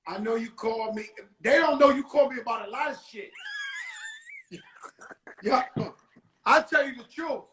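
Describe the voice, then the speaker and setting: A tipsy man hosts a relaxed chat over a video call, talking loose and profane with a jokey edge. His voice comes across bright and forceful. The sound carries a roomy echo. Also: very high voice, normal speed, pauses often, slight background noise. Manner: loose, joking, profane street talk. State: tipsy from drinking. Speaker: host. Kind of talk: casual interview chat.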